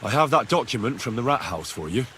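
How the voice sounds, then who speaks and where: A man's voice: mid-range voice, sing-song, quick pace, fairly bright tone, slight background noise. An actor voicing a blunt, earnest young male hero in a video game who asks plain, direct questions. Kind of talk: studio video game dialogue.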